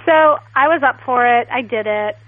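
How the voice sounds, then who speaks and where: A woman's voice: fairly high pitch, normal speed, dry recording. Chatty woman on a tinny phone line. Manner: chatty, animated storytelling. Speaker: guest stylist. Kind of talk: casual interview.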